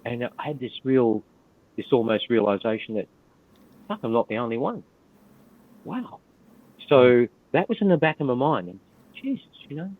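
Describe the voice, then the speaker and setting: A man's voice: medium pitch, expressive, normal speed, long pauses, no echo. An older Australian man, a retired police officer, telling a war story as a podcast guest in a blunt, profane, laid-back way. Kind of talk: storytelling in casual interview. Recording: tinny phone-like line.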